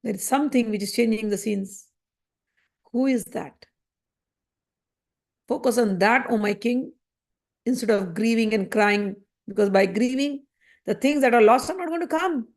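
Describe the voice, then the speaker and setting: A woman's voice: on the high side, normal speed, long pauses, darkish tone. A woman retelling a spiritual story in a conversational, explanatory way, full of rhetorical questions.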